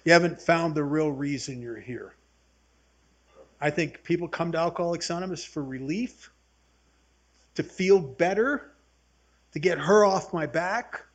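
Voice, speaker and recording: Old guy in his 70s leading a recovery workshop, husky, kinda high voice, folksy stories. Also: unhurried, pauses often. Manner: earnest, folksy storyteller. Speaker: AA workshop speaker. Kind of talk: recovery talk to a group.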